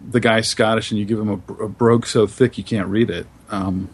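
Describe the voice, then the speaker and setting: A man on a podcast panel, speaking thoughtfully and hesitantly with many pauses and ums. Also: lowish voice, steady tone, slightly rough. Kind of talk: casual panel discussion.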